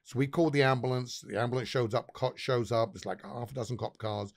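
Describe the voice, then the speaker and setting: A man's voice: mid-range voice, fairly even intonation, quick pace, creaky. A man, a pub owner and guest, telling profane, laughing anecdotes in casual conversation. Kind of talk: casual storytelling chat.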